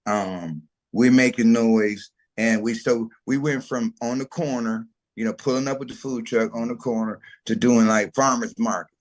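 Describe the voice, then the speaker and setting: At medium pitch and moderate pace, with few pauses, a middle-aged food truck owner relates his business story as a casual interview guest. Animated and slangy, he voices the people he quotes.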